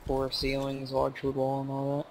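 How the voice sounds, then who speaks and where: A man's voice: medium pitch, completely flat delivery, normal speed, darkish tone, a little hiss or hum, poor audio. A man in casual chat with his teammates while gaming, laid-back and narrating his own moves. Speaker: gamer.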